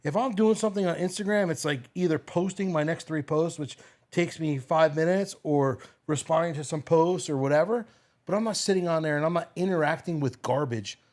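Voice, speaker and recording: A man in his forties chatting on a podcast, blunt and profane, telling animated stories. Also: a little high, fairly quick. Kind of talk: casual podcast chat.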